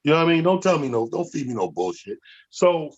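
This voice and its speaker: A man's voice: fairly high pitch, big pitch swings, fast talker, dull audio. A man in his forties from New York, a comedian hosting a radio talk show, giving streetwise, emphatic advice. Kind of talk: casual radio chat.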